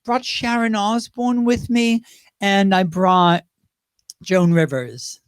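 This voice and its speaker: A man chatting as a guest on a talk show, animated and chatty, with lots of restarts and asides. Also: high voice, slow pace, clean tone, no room sound, studio quality. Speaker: guest, drag performer. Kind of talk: casual interview chat.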